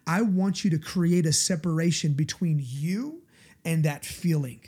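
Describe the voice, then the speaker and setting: Male pastor, conversational sermon; warm, mellow tone, emphatic and confessional. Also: on the high side, lively intonation, measured pace, slightly rough. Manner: earnest, confessional, emphatic, often asks listeners "right?".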